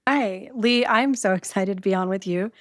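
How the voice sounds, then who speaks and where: A woman in her forties from Arizona, telling her story in a casual podcast interview with animated, quick delivery. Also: mid-range voice, no room sound, studio quality. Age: 40s. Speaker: podcast guest.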